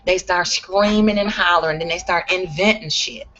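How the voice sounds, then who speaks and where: A woman's voice: fairly low pitch, fairly even intonation, normal speed, fairly bright tone, highs cut off. A woman talking straight to camera in a blunt, profane, emphatic rant. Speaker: vlogger. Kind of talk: ranting vlog monologue.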